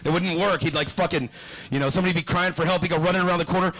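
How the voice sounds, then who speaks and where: A young man doing a stand-up set on a small club stage, deadpan, then bursting into shouted voices. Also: on the high side, fast, low-quality recording. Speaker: stand-up comedian.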